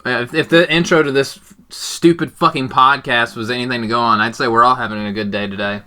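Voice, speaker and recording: A man's voice: medium pitch, steady tone, fast, sharp tone. A young man hosting a casual podcast, full of crude jokes and banter. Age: young adult. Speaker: podcast host.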